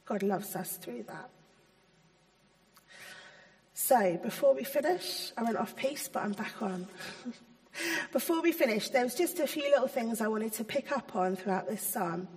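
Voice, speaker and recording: Brief: woman, higher voice, informal hesitant preacher, long hall echo. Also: animated, normal speed. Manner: chatty, hesitant, many ums. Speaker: church speaker. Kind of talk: informal sermon.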